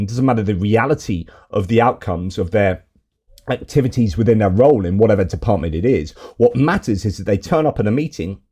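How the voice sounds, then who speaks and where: A man delivers political commentary in an indignant, exasperated tone. His voice sits a little low and sounds dark and mellow, and he reacts to clips as he talks.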